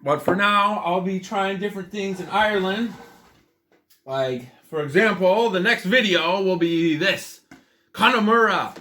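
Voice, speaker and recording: A man's voice: high voice, a little slow, sharp tone, a little hiss or hum. A man talking casually in a vlog, chatty and enthusiastic, rambling with plenty of fillers as he tries a drink. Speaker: vlogger tasting drinks.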